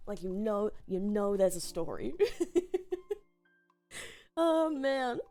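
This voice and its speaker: A woman's voice: medium pitch, sing-song, takes it slowly, dark tone, faint music behind. A woman streamer chatting casually while reacting to a video, with playful quips and frequent giggles.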